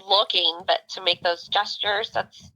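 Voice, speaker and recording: A woman's voice: mid-range voice, unhurried, rough recording. A middle-aged woman co-hosting a podcast, telling a story in casual chat with lots of fillers. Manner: animated storytelling, many fillers. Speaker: podcast co-host.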